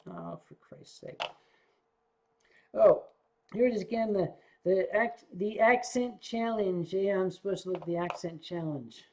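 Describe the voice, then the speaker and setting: A man's voice: high-pitched, unhurried. An older man hosting a livestream, tipsy from drinking and rambling along with stammers and swearing. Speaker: livestream host.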